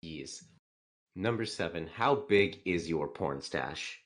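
A man's voice: deep voice, lively intonation, slow pace, fairly bright tone. A man hosting a casual podcast, reading out numbered questions in a teasing manner and swearing freely. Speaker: podcast host.

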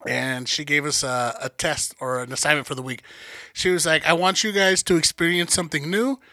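A man's voice: fairly high pitch, steady tone, a little fast, pushed and bright, dry recording. A man chatting casually in a laid-back, wry, profane way. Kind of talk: casual storytelling chat.

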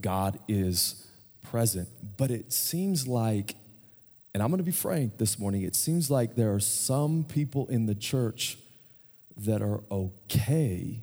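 Expressive, slow, and mellow, with a fairly low pitch, this American man in his thirties is a pastor sharing a family story and questioning the congregation during a conversational sermon. The church sanctuary adds long hall reverb.

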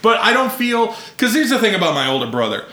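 A man's voice: sits high, sing-song, quick pace, bright, forceful tone. A man hosting a podcast, telling profane, self-mocking stories about his childhood and laughing often. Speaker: podcast host. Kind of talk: casual podcast chat. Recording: roomy echo.

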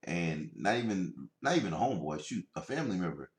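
A man chatting casually as a podcast co-host, telling stories in a laid-back, drawn-out way. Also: low voice, sing-song, echoey room. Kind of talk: casual chat.

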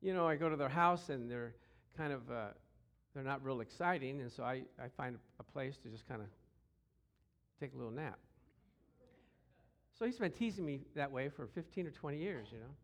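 A man preaching a sermon as pastor, lively and calling for responses from the congregation. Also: medium pitch, normal speed.

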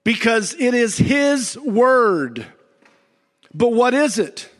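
A man pastor preaching a sermon, swinging from near-shouts down to low, slow emphasis with dramatic pauses. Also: sing-song, big-room sound.

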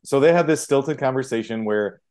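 A man's voice: mid-range voice, fairly quick, a little mellow, clean tone. A man co-hosting a podcast, steadily recapping a film's scenes in casual conversation. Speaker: podcast co-host.

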